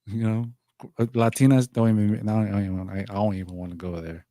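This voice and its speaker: A man's voice: on the low side, flat delivery, fast, mellow, no echo. A man who works as a DJ, co-hosting a casual stream in a laid-back, playful way. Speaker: DJ and co-host. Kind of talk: casual chat.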